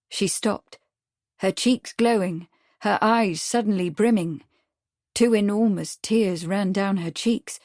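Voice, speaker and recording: A woman reading an audiobook aloud in steady, clear storytelling narration. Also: medium pitch, a little slow, no room sound, clean studio sound. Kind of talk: scripted narration.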